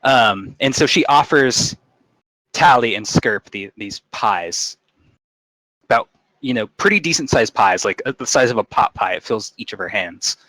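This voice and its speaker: Bright-voiced guy running a tabletop game, chatty, dry close mic. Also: mid-range voice, expressive, a little slow, dry recording, poor audio. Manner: casual, many restarts. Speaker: game master.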